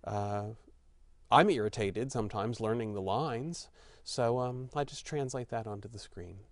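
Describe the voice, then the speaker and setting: A man's voice: fairly low pitch, a little slow, no room sound. A man in his thirties with a slight Texan accent, answering interview questions in a frank, chatty way, thinking aloud with fillers and restarts. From Texas. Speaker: actor being interviewed.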